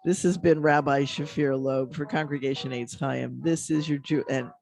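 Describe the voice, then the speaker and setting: A man who is a rabbi talks in a relaxed, chatty way on a call-in radio show, laughing easily and often restarting his sentences. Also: fairly high pitch, moderate pace, vocal fry, faint music behind. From American Midwest. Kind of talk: casual call-in radio chat.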